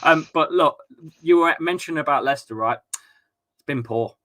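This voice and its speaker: A young English man chatting through a live football watchalong stream, reading comments and cracking jokes. His voice is bright and forward. He rambles and stumbles over his words as he talks. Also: fairly high pitch, moderate pace. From England. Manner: chatty, jokey, repeats himself and stumbles on words. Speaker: host of a fan watchalong stream.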